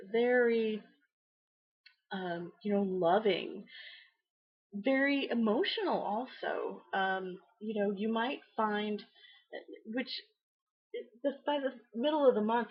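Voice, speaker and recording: A middle-aged woman gives a casual, rambling tarot reading peppered with fillers and small laughs. Her husky voice is medium in pitch, and the lo-fi audio sounds slightly dull.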